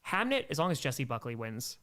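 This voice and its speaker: Fast, sing-song, and pushed bright, a mid-range male voice answers viewer questions on a casual livestream. The host rambles eagerly through his replies and stops to thank donors as he goes.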